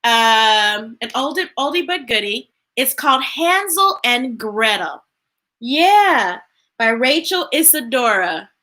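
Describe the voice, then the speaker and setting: A woman hosting a children's storytime with a bright, high voice that swoops up and down all the time. She is playful and chatty and laughs easily. She talks in an unhurried way. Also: rough recording. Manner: animated and playful, talks to children and reads chat messages; laughs easily and gets emotional. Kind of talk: live read-aloud storytime chat.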